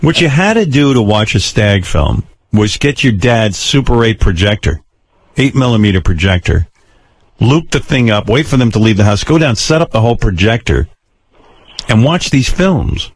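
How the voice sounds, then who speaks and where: A man's voice: on the low side, lively intonation, normal speed, slightly rough. An older man hosting a radio show, telling personal stories in a blunt, profane, wry way. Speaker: radio host. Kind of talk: candid storytelling on talk radio.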